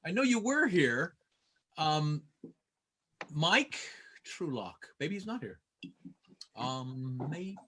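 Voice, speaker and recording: A man hosting a casual video-call reunion, joking and stammering with quick laughs. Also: a little high, very animated, a bit bright, slight background noise. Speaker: host.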